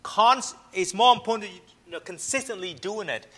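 A man's voice: high voice, fairly quick, fairly bright tone. A man giving a conversational sermon, often checking in with his listeners and telling everyday stories. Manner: conversational, keeps asking "right?" and "okay?"; tells everyday stories to make points. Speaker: preacher.

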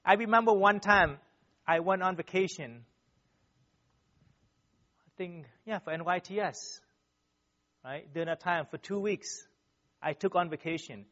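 A man's voice: high voice, a little slow, pauses often, pushed and bright. A man giving a sermon through personal stories, earnestly and animatedly, tagging almost every sentence with a questioning "right?". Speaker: church speaker. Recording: dull, lo-fi sound.

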